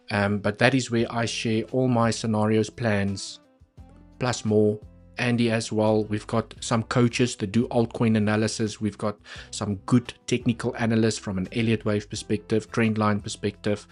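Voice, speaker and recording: A man talking casually through trading charts on a live stream, chatty and repeating points for emphasis. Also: lowish voice.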